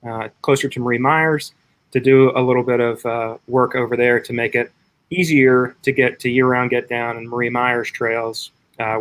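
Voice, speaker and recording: Guy giving trail updates on a video call, lots of uhs and ums, mid pitch, plain easygoing voice. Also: fairly bright tone. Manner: halting, filler-heavy delivery. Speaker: trail club staff host. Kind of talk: casual club meeting update.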